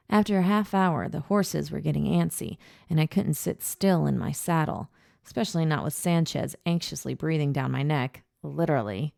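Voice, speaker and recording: A woman narrates an audiobook in a measured, low-key voice. It sits low and gravelly with a dark tone. The recording is dry and close. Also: dry recording. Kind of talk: scripted first-person audiobook narration.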